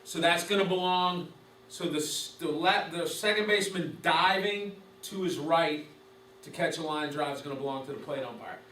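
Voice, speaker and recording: A man instructs a class of umpires in a conversational lecture, asking questions and repeating key points. His voice is fairly high, bright and forceful, at a moderate pace. The recording is roomy, from a distant mic, with faint hiss.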